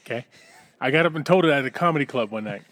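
A man's voice: medium pitch, expressive, racing, fairly bright tone. A middle-aged man hosting a comedy podcast, telling a long joke in a profane, rambling way, stumbling and restarting as he goes. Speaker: podcast host. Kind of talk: casual comedy podcast chat.

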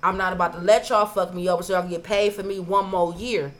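Profane, animated woman telling stories. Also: lowish voice, quick pace. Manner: profane, animated, acts out quoted arguments. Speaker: podcast co-host. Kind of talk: casual storytelling chat.

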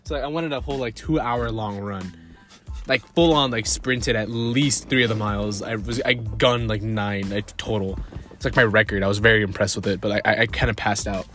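A man's voice: fairly low pitch, fairly even intonation, a little fast, pushed and bright, soft background music. A teenage guy co-hosting a casual podcast, rambling through stories with lots of filler words. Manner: rambling, filler-heavy, laughs often. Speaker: podcast co-host. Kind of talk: casual chat.

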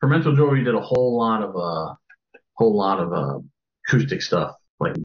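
Low-voiced man in his fifties, rambling. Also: expressive, a little fast, lo-fi sound. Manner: rambling, profane, hesitant. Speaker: podcast co-host and drummer. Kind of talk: casual chat.

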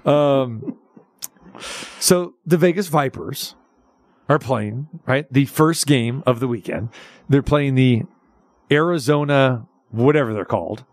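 A man's voice: mid-range voice, animated, slow, pauses often, dry recording, studio quality. A man hosting a sports radio show, ranting with sarcastic asides. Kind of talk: casual sports talk radio rant.

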